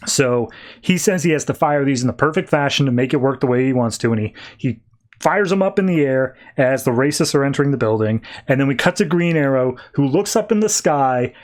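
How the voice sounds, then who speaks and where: A man hosting a podcast, casually recapping and reviewing a comic book with an animated delivery. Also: medium pitch, a little fast. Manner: animated retelling, acting out characters loosely. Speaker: podcast host.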